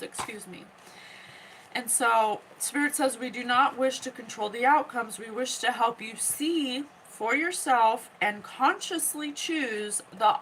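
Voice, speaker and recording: A woman hosting a psychic podcast, slowly and earnestly relaying messages from spirit and often pausing to check in with "okay?". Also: fairly high pitch, a bit bright, slight background noise, rough recording. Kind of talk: slow spiritual teaching monologue.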